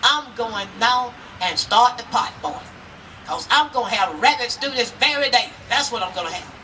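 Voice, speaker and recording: A storyteller woman voicing a smug, scheming male fox, a bit lower and softer, recorded from afar outdoors. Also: lively intonation, moderate pace. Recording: outdoor, mic far off, faint noise.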